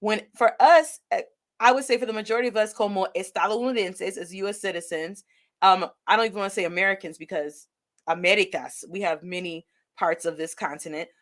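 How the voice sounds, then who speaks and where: A woman from Detroit with a Detroit Midwestern accent, hosting a podcast interview over a live video call with energetic, expressive talk that mixes in Spanish words. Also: mid-range voice, brisk. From Detroit, Michigan. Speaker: podcast host. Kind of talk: conversational interview.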